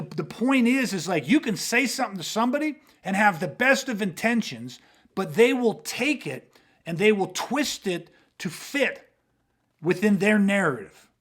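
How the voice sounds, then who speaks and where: Emphatic high-voiced male podcast host. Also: lively intonation, normal speed, fairly bright tone. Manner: emphatic, swearing, acts out quoted exchanges. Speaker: self-defense podcast host. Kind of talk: casual podcast talk. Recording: podcast mic.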